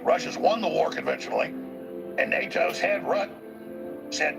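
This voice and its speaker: A male talk show host with a notably high voice and a gravelly, fry-heavy rasp. He delivers an insistent political monologue that keeps circling back and repeating words as he drives his points home. Music plays clearly behind him. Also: normal speed, pauses often. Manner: emphatic, rambling, repeats words when pushing a point.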